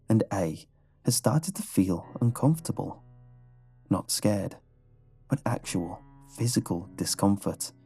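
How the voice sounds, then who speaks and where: A man giving scripted horror narration in a low, measured storytelling manner. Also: dark tone, husky, no room sound. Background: faint background music.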